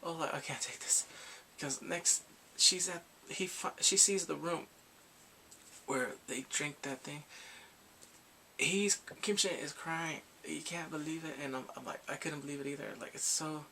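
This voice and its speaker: A man recapping a drama episode in a casual, excited way, acting out the characters' lines and his own reactions. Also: fairly high pitch, a little slow, gravelly, slight background noise. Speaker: drama reviewer.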